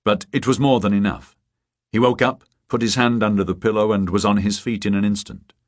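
A man narrating a thriller audiobook in a measured, even storytelling manner. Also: fairly low pitch. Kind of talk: scripted narration. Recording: dry close studio sound.

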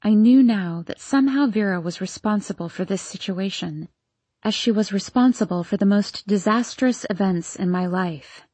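A woman reads a first-person novel aloud, her voice breathy and husky at a middle pitch. The sound is dry and close, with no room behind her, and her delivery is hushed and anxious. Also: moderate pace, dry recording. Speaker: audiobook narrator.

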